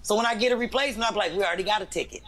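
A woman comedian in casual conversation, speaking bluntly and with firm conviction. Her voice sits at an ordinary middle pitch and she lays down her rules plainly. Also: racing, a bit bright. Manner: blunt, emphatic, talks with conviction. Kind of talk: casual chat.

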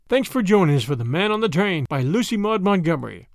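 A man narrating a classic short story in an expressive, measured storytelling manner. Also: sits high, gravelly, no echo, studio quality.

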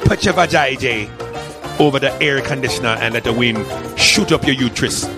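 A man putting on a put-on Jamaican accent, playing a laid-back man who croons slowly like a commercial pitchman. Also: music in the background, natural voice. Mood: crooning.

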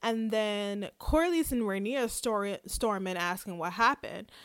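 A woman in a casual chat, retelling a TV episode in a chatty, animated way and acting out quotes. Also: mid-range voice, a little slow, dry recording, clean studio sound. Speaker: podcast co-host.

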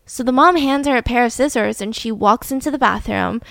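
A woman's voice: on the high side, a little fast, gravelly, a bit bright, dry recording. A woman host telling a true-crime story in a chatty, conversational way, with asides to her co-host.

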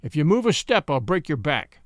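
A man's voice: on the high side, sing-song, normal speed, fairly bright tone, no room sound, studio quality. A man voicing a grim, bitter injured scaler who snarls his lines. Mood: threatening. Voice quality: snarling, fierce.

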